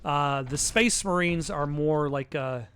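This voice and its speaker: A man's voice: fairly high pitch, takes it slowly, a bit bright, a little hiss or hum. A man giving casual gameplay commentary, rambling and self-deprecating with lots of hesitant restarts. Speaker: let's play commentator.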